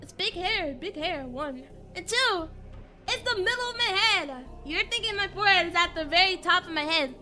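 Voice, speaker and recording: A woman with a very high, bright voice chats her way through a game stream. She rambles and pokes fun at herself, breaking into laughter often, with soft music in the background. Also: expressive, normal speed. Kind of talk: casual game stream commentary.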